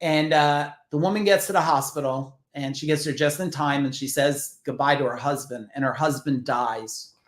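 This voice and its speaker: A man's voice: on the high side, steady tone, moderate pace, hardly any pauses, echoey room. A man from New Jersey, a business founder telling earnest stories as a podcast guest, swearing casually. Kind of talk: emotional storytelling.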